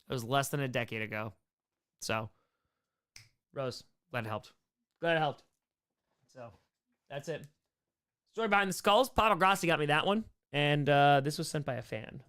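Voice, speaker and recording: A man's voice: medium pitch, animated, normal speed, long pauses, a bit bright, smooth. A man hosting a casual live-stream Q&A, upbeat and rambling, thanking viewers by name, his voice a bit worn from hours of talking. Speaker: live-stream host answering chat questions.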